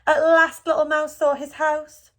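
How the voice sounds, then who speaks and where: A woman with a fairly high voice reads a children's picture book aloud. She tells the story gently and expressively, the way a teacher reads to a class. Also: little pitch movement, measured pace. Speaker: school storybook reader.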